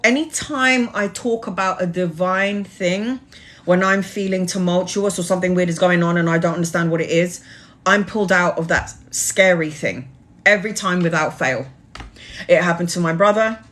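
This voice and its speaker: A woman's voice: lowish voice, a bit bright. A woman tarot reader telling a spiritual story on a casual live stream, earnest and blunt, with a loose, rambling delivery and the odd swear.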